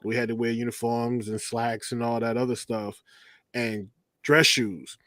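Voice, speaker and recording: A man's voice: mid-range voice, unhurried, no echo. A man in a casual chat telling stories with energy, acting out the people he quotes. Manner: energetic storytelling, acts out quoted voices.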